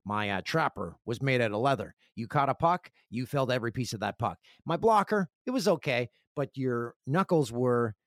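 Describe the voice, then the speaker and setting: A man's voice: medium pitch, dry recording, clean studio sound. A man hosting a podcast, a joking, rambling storyteller in casual chat. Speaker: podcast host.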